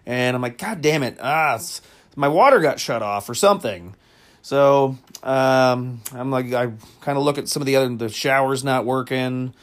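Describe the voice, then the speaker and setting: A man's voice: mid-range voice, normal speed. A man hosting a comedy podcast, telling a crude story casually, with lots of fillers and frequent laughter. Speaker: podcast host.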